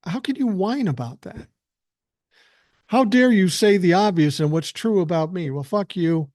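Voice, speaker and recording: A man's voice: sits high, animated, moderate pace, darkish tone, no echo, studio quality. An older man hosting a live stream from his living room, ranting bluntly with plenty of profanity. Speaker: podcast host doing a live stream. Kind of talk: casual live-stream rant.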